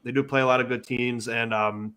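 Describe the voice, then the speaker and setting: A man chatting on a sports podcast panel in a casual, rambling way. His pitch stays flat and even, and he often doubles back to repeat himself. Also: fairly quick, very noisy.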